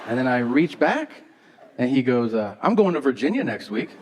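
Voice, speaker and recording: A man doing a stand-up comedy set on stage, telling stories in a deadpan way and acting out both sides of the dialogue. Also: medium pitch, normal speed. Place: theater stage before a live audience. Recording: live show with crowd noise. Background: audience laughter.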